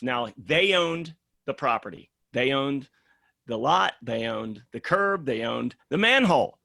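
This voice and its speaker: A man's voice: a little high, gravelly, no room sound. Man telling a story, dry sound. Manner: animated storyteller acting out dialogue. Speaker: podcast guest. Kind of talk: casual storytelling interview.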